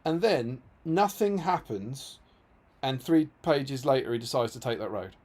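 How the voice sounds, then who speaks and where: A man's voice: mid-range voice, unhurried. Chatty guy reading book quotes. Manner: lively storyteller who reads quotes aloud and adds jokey paraphrases. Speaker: co-host of a tabletop wargaming stream. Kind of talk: casual chat.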